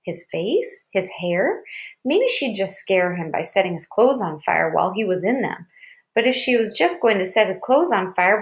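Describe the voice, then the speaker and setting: A woman reading a novel aloud in a steady storytelling manner. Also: medium pitch, creaky. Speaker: reader.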